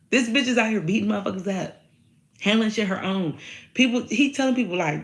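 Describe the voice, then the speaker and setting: A woman giving a casual tarot and astrology reading to her viewers, talking in an animated way, swearing freely and repeating phrases for emphasis. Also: mid-range voice, a little fast.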